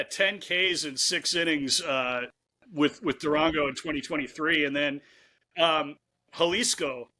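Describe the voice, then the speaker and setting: Bright-voiced male podcast host. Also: on the high side. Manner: conversational, asks long setup questions. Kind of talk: casual interview.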